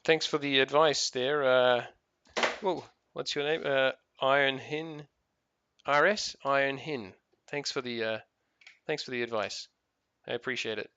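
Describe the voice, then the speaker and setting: With a mid-range voice that is sharp yet smooth and a measured pace, an adult man married for years streams a game. He chats casually, rambles and swears freely, and the sound is lo-fi.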